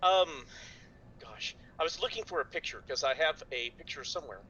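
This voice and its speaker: A man's voice: on the high side, lively intonation, moderate pace, sharp tone, far from the mic. A man playing a tabletop game, chatting in a hesitant, rambling way. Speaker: player. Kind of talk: casual chat. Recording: muffled lo-fi mic from afar, hum.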